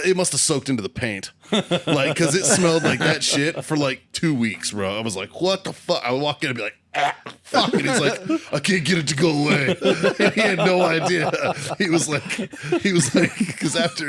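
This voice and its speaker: A man's voice: fairly high pitch, lively intonation, a little fast, fairly bright tone. A man hosting a casual podcast, telling a crude army story with lots of swearing and laughter. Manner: profane, laughs while telling stories. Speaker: podcast host.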